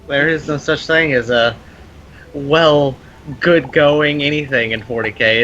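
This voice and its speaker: Brash, bright-voiced young man joking. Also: on the high side, unhurried, dull audio, slight background noise. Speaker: stream guest. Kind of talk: casual chat while gaming.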